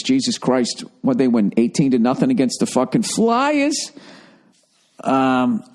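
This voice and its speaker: A man in his late forties rants alone into the mic, swearing freely and sarcastically as he riffs. His voice sits at an ordinary, middle pitch for a man. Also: darkish tone. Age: 40s. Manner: profane, ranting, sarcastic. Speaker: podcast host. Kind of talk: casual solo podcast monologue.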